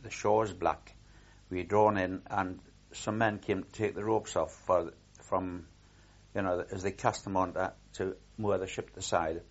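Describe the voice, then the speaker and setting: A man's voice: low-pitched, level tone, unhurried, muffled recording. An older man recalling his war service in a rambling oral history, with frequent restarts and repeated words.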